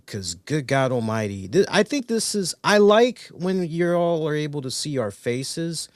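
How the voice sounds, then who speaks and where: A man's voice: mid-range voice, no room sound, clean studio sound. A man co-hosting a live-stream talk show, telling stories casually and animatedly with some swearing. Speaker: podcast co-host.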